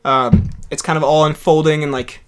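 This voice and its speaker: A man's voice: a little high, flat delivery, normal speed, slight background noise. A man co-hosting a podcast in casual chat, rambling and playful with many restarts. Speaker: podcast co-host.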